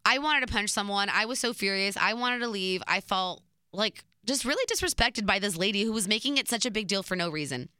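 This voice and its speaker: A young woman telling a story to camera in a chatty, casual way, full of fillers and lively retelling. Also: mid-range voice, a little fast, hardly any pauses, clean tone, no echo, studio quality. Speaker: vlogger.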